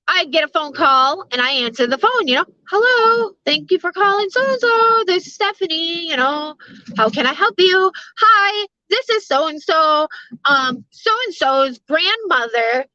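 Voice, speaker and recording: A high-voiced woman with a bright, sharp tone tells a long story vlog-style, full of fillers, restarts and asides. The sound is dull and lo-fi, like a phone, with almost no room echo. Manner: rambling, lots of fillers and restarts. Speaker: vlogger.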